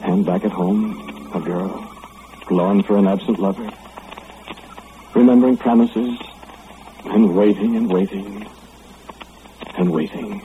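A man as a deep-voiced, brooding young lawmaker; narrates slowly, thin vintage radio sound. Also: fairly even intonation, close to an everyday voice. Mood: wistful. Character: young male lawmaker, wistful, remorseful, lovesick. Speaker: narrator and lead character. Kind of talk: 1940s radio drama narration. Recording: phone-like old radio recording, faint hiss.

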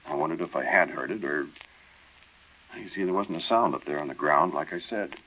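An actor playing a man who recalls a spooky night in the desert, telling it in slow, earnest narration for an old radio drama. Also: a bass voice, husky, dull audio. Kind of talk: 1940s radio acting.

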